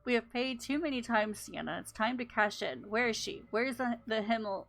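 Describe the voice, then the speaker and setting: A woman's voice: fairly high pitch, normal speed, a bit bright. A woman voicing a band of hostile male crook brothers, reading their lines in a stern, threatening way. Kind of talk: reading game dialogue aloud.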